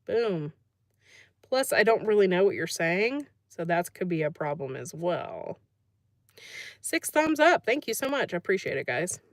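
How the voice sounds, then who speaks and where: An American livestream host chats casually, laughs often, and reads out comments from the chat. Her voice is on the low side, sing-song and unhurried, captured in a dry, studio-quality recording.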